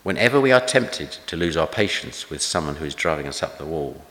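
Deep-voiced older preacher, echoey hall. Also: male voice, big pitch swings, a little fast. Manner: chatty, self-deprecating, gently humorous. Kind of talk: conversational sermon with anecdotes. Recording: echoey hall with long reverb.

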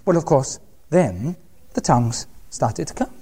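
A man, preaching by telling anecdotes in an animated way and acting out the voices of the people he quotes. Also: fairly high pitch, unhurried, husky. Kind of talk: anecdotal sermon storytelling.

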